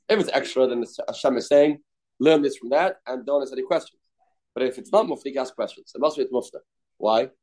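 A man leading a Talmud study class, his voice at an ordinary middle pitch. He chants phrases over and over in a sing-song rhythm and mixes English with Hebrew and Aramaic terms. He stops now and then to answer students' questions. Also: a little mellow. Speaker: Talmud teacher.

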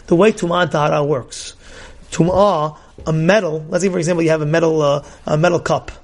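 Rabbi guy, pretty high voice, gets loud and emphatic, keeps asking questions. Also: brisk. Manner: emphatic, animated, loud outbursts and rhetorical questions. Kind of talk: Torah class.

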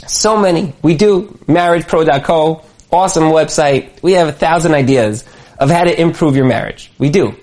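A man's voice: on the high side, moderate pace. A man giving a motivational talk on marriage, telling stories animatedly and repeating phrases for emphasis. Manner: animated storyteller, acts out quotes. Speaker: speaker on marriage.

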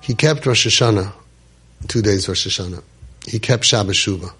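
A man, telling a personal story with animated repetition and Yiddish words. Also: on the low side, normal speed, husky. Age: 50s. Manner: animated, repeats phrases for emphasis, sprinkles Yiddish words.

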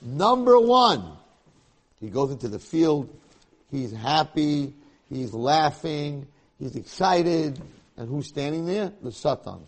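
A man teaching a Torah class, telling a story in a lively, conversational way. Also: fairly high pitch, slow pace.

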